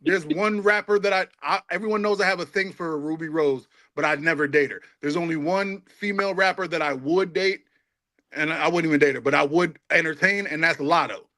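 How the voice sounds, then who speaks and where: A man with a high, bright, forceful voice banters on a podcast panel. He teases the others in a playful tone. The sound is close and dry. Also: fairly quick, no room sound. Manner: playful, teasing.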